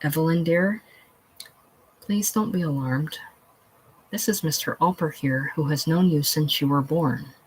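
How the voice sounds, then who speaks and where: A husky-voiced reader voicing a fussy, polite elderly man in a play reading, genteel and flustered. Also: mid-range voice, a little slow, pauses often, rough recording.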